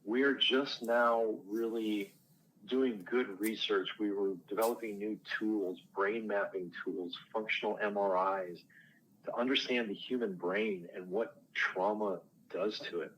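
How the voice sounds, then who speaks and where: A man's voice: on the low side, steady tone, a little slow, a bit bright, slight background noise, poor audio. A man who works as a counselor and coach answers interview questions in a conversational, explanatory way, with light self-deprecating asides. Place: outdoors on a porch.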